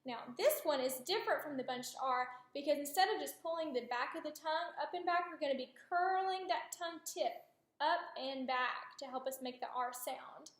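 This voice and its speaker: High-voiced woman therapist, roomy sound. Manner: patient, encouraging instructions. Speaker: speech therapist. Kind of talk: clinical demonstration. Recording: roomy echo.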